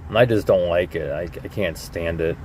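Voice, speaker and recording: Give me a rambling young man on a live stream, fairly low voice, lots of "you know"s. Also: normal speed, noisy background. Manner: rambling, repeats words, many "you know"s. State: coughing lately. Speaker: vlogger. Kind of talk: casual live-stream monologue.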